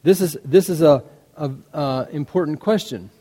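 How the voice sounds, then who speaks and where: A man's voice: fairly high pitch, normal speed, mellow, husky. A man preaching a sermon, retelling a story and acting out its dialogue with rising intensity. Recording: hall reverb.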